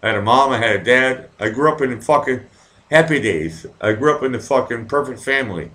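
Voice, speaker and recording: This is a man in his 40s from the Boston area of Massachusetts, hosting a live stream where he reads viewer comments and rants with plenty of profanity. He speaks briskly in an expressive, mid-range voice, rambling and swinging between mumbling and sudden loud bursts.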